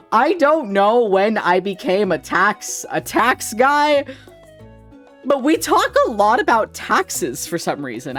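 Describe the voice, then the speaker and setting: A man's voice: high voice, a bit bright. A man streaming live, chatting casually with viewers in a rambling way, laughing often and swearing freely.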